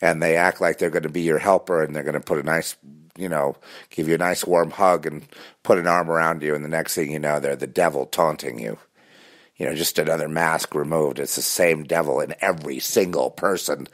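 A man's voice: very deep voice, brisk. A man talking intensely in a rambling spiritual monologue, full of restarts and fillers.

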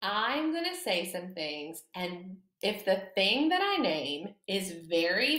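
Woman, elementary teacher, encouraging, slow, lively pitch, echoey room. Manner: slow, animated, encouraging, exaggerated emphasis for children. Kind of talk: second-grade lesson to camera.

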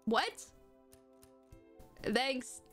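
A woman's voice: high-pitched, animated, extremely slow, fairly bright tone, faint music behind. A young woman streaming a game live, giggling and reacting in bemused disbelief as she reads its text aloud.

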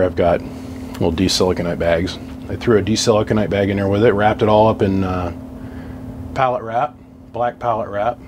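A man's voice: on the low side, a little hiss or hum. A man chatting to camera in his home workshop, telling a long rambling story in a casual, salty way. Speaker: radio repair vlogger.

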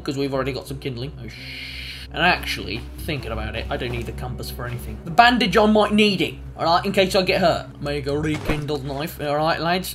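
Young male gamer, jumpy and profane, bright, animated delivery, some music behind. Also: fairly high pitch, a little hiss or hum. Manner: excitable, swears a lot, bursts into yelps. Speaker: gaming YouTuber. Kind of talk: let's play commentary.

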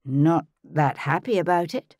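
A woman's voice: low voice, animated, measured pace, a little mellow, dry recording, studio quality. A woman voicing a curious, sympathetic grown daughter in an audiobook, speaking in a tentative, inquisitive way. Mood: gentle. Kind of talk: audiobook character voice.

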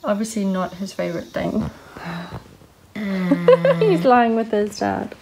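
Slow, lively woman cooing to her dog. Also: medium pitch, very noisy. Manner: affectionate baby talk to a pet. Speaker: vlog host and dog owner. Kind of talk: casual chat, talking to her dog. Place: at home.

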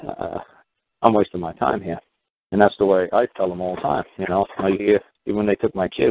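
A man's voice: deep voice, no room sound. A man talking at length in a rambling, casual way, full of fillers and repeated words. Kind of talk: casual rambling call-in talk. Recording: tinny phone line.

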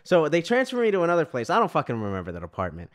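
A man's voice: on the high side, huge pitch swings, rapid-fire. A young man from New York telling a story in a profane, exasperated rant as a podcast host. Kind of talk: ranting casual monologue.

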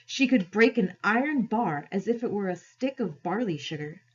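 A woman teacher reads a novel aloud to her class at an expressive, measured pace. Her voice is a little husky, and the recording is dull and lo-fi. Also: mid-range voice.

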